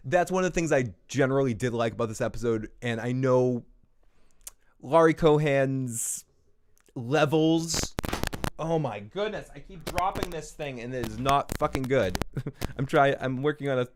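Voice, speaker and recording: A man's voice: mid-range voice, normal speed. A man hosting a casual live review show, rambling and swearing, laughing between points. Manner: rambling, profane, laughs often. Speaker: show host. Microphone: small recorder on the desk.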